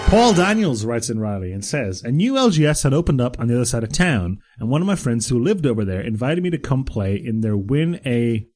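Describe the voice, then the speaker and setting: A man's voice: medium pitch, big pitch swings, brisk, hardly any pauses, a little mellow, soft background music. A man co-hosting a podcast in casual chat, wry and teasing as he reads out listener letters. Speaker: podcast co-host.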